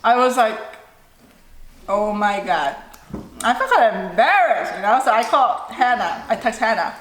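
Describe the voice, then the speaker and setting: A young woman vlogger with a fairly high voice tells a story to camera, casual and lively. She slips into the voices of the people in her story as she goes. The sound is echoey, as if recorded in a bare room. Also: normal speed, slight background noise.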